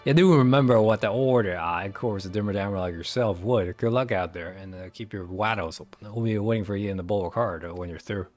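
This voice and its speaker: A man's voice: lowish voice, fast, hardly any pauses, a little mellow, soft background music, close to an everyday voice. A man doing a cocky pirate rogue boss. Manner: thick thieves' slang, drawling. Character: gruff male pirate guild leader, cocky.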